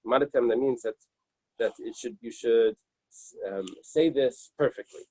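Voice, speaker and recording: A man leading a Talmud study class, reading Aramaic passages and explaining them in English with halting restarts. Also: medium pitch, mellow, dry recording, low-quality recording.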